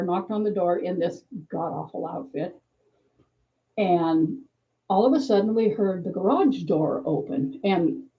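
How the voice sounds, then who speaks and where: A woman author telling an animated anecdote to a live bookstore audience, acting out the voices of the people in her story. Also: mid-range voice, highs cut off. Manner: acts out the voices in her anecdote, lively and self-deprecating. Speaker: author at a book talk. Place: bookstore event room.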